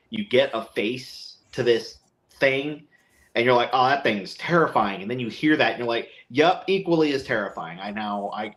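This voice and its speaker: Rambling man in casual podcast chat. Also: mid-range voice. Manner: rambling, animated, acts out quotes. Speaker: podcast co-host.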